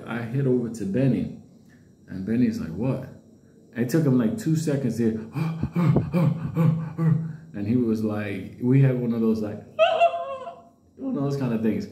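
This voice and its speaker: A man's voice: mid-range voice, mellow. A man telling a comedic story with lots of profanity, acting out the other people in it with big jumps in his voice. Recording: roomy echo.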